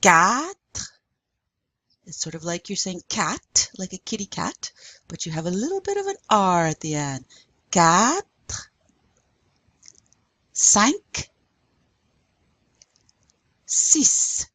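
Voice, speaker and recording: A woman teaches French in a recorded lecture, spelling out words slowly and patiently. Her voice is lowish and a little husky. It is recorded close and dry, with no room sound. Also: wildly swooping pitch, no echo. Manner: slow, patient, spelling letters out one by one.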